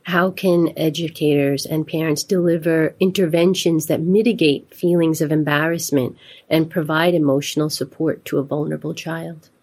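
A woman interviewer reading her questions in measured, formal phrasing. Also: sits low, fairly even intonation, a little mellow, slightly rough.

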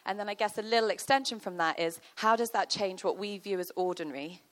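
A woman's voice: medium pitch, fast talker. A woman giving a chatty, conversational sermon, full of fillers and storytelling. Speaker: church speaker.

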